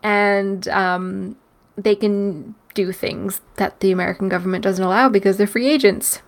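Upbeat young woman with vocal fry. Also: medium pitch, fairly even intonation. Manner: quick, filler-heavy, upbeat. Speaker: podcast co-host. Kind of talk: casual chat.

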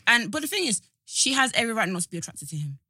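A woman's voice: a little high, big pitch swings, racing, pushed and bright, breathy edge, dry recording. A young woman, a podcast co-host, chatting bluntly and emphatically about a reality show. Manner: blunt, emphatic, swears casually. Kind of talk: casual chat reviewing a reality show.

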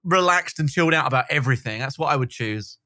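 A middle-aged man chats in a loose, unhurried way, dotting his speech with fillers. His voice sits at an average pitch. The sound is close and dry. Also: no echo. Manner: relaxed, many fillers. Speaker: guest. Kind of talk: casual podcast interview.

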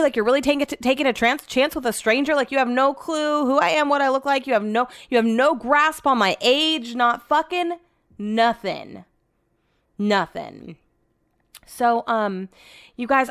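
A woman's voice: a little high, fairly bright tone, no room sound, studio quality. A young woman, hosting a podcast and telling stories in a chatty way, full of fillers and swearing. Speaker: podcast host. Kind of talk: casual chat.

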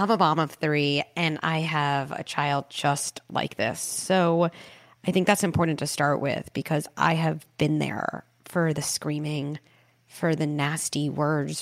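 Woman w a low gravelly voice doing parenting advice on a call-in show, warm and lively. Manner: warm, animated, acts out playful scripts. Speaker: parenting expert, show host.

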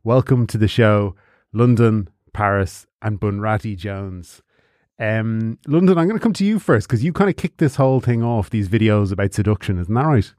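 Brisk, straight-faced male host. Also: fairly low pitch, lively intonation, a little mellow, no echo, studio quality. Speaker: podcast host. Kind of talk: comedy interview.

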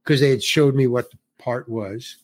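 A man's voice: medium pitch, normal speed, darkish tone. A man, an actor, talking about his work in a casual, easygoing interview, often saying "you know" and repeating himself.

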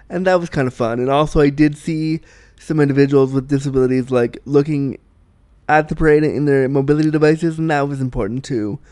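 Chatty higher-voiced man, dry sound. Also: warm tone, clear, resonant tone, no room sound. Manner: chatty, enthusiastic, frequent restarts. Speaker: vlog host. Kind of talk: casual personal monologue.

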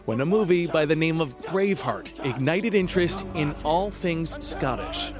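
A man narrating a news feature in a measured scripted voice-over. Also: on the high side, lively intonation, over loud music. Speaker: news reporter.

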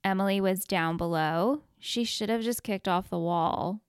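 A woman co-hosting a podcast, agreeing and adding her own takes in quick casual chat. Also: medium pitch, smooth, dry recording, clean studio sound. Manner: agreeable, quick back-and-forth reactions. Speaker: podcast co-host.

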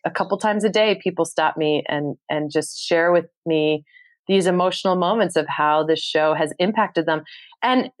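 New lady guesting on an interview, kinda low voice, candid and earnest, acts out her own thoughts. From New York City. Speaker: travel show host, guest. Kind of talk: emotional interview storytelling.

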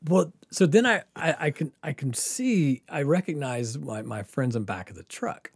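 Podcast guy, gravelly husky voice, animated storytelling, laughs a lot, dry close sound. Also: fairly high pitch, unhurried, no room sound. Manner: animated, laughing often, acts out quotes. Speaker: podcast host. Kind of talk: casual storytelling.

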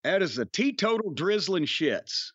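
Profane Southern man with animated, high voice. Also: measured pace, slightly rough, no echo, lo-fi sound. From Southern United States. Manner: profane, sardonic, long-winded storytelling. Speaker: podcast host. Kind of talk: casual rambling chat.

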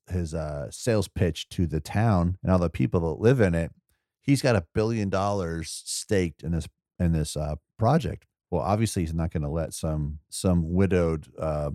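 Deep, mellow man in casual movie chat. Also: normal speed, no echo, studio quality. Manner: rambling, restarts mid-thought, laughs often. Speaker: podcast co-host.

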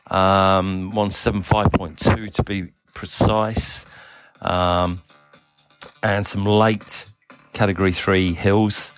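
Deep-voiced guy, accent a mix of aussie, south african and english, rambling casual team diary, lots of ums. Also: clear, resonant tone. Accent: mixed Australian, South African and English. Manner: relaxed, rambling, many ums and uhs. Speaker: cycling team manager.

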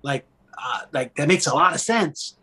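Middle-aged guy on a podcast, kinda high voice, earnest, tells stories, keeps saying right. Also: moderate pace, breathy edge. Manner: earnest, animated storytelling with frequent "right?". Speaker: podcast guest, former pastor. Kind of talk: candid conversational interview.

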